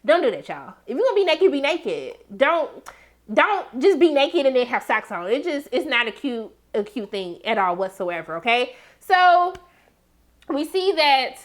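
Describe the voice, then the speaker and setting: A woman giving a casual, slangy recap and review of a TV episode, breaking into high exclamations. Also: sing-song, measured pace.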